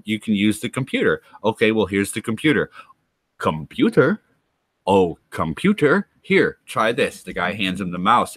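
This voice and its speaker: A man's voice: low voice, fairly bright tone, dry recording. A man streaming live, rambling and joking through loose asides to his chat.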